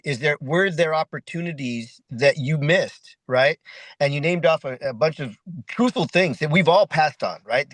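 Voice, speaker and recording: High-voiced motivational man, dry sound. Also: no room sound, rough recording. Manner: repetitive, preachy, full of 'right?' asides. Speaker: event host and speaker. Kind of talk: motivational talk.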